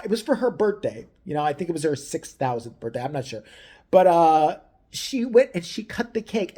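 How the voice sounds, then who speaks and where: Profane, animated woman ranting. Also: mid-range voice. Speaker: vlogger. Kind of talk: crude comedic rant.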